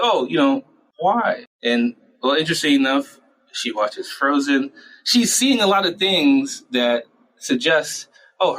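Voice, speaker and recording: A man speaking as a child psychiatrist in an interview, explaining his work in a lively way and acting out parents and teens in short quoted asides. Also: mid-range voice, low-quality recording. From United States. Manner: animated, acts out parents and patients in quick quoted asides. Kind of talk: conversational interview answers.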